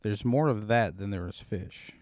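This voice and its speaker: A man's voice: on the low side, moderate pace, darkish tone, no room sound, clean studio sound. A man in casual chat, swearing freely and teasing his friend in an argumentative, ribbing way.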